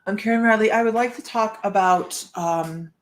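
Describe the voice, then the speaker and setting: In a mid-range voice at normal speed, a woman gives a live-streamed psychic reading. She chats straight to viewers, greets them by name, and thinks aloud in loose, rambling sentences.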